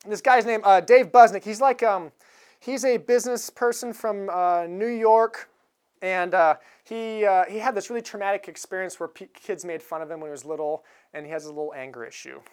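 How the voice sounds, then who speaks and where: A woman's voice: mid-range voice, moderate pace, a little mellow, clear, resonant tone. Woman preacher, casual chatty sermon delivery, easy chuckles, mid-range voice. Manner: conversational, chuckles while retelling a film scene.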